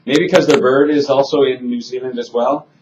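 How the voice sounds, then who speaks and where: A man's voice: medium pitch, fairly even intonation, moderate pace, dull audio, noisy background. A man teaching an English conversation class, friendly and chatty, asking students simple questions.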